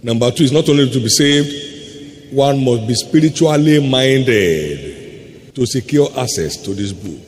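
A man preaching a sermon as pastor, emphatic, trading quick asides for slow, stressed words. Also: mid-range voice, animated. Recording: faint hum in a long-reverb hall.

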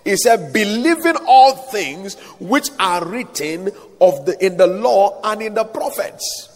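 Pitched high with a breathy edge, this man's voice carries the sound of a big room. He preaches a sermon, quoting scripture in King James wording and calling on the crowd to say amen.

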